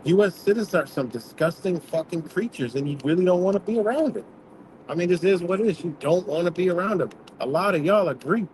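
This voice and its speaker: A man's voice: sits high, expressive, fairly quick, darkish tone, a little hiss or hum, rough recording. A man hosting a livestream, talking bluntly in a rambling, profane, casual rant, apparently from inside a vehicle. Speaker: livestream host.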